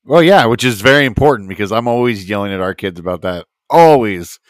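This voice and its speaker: A man in his thirties co-hosting a podcast in relaxed casual chat, laughing often and asking "you know what I mean". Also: on the low side, fairly quick, no echo. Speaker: podcast co-host.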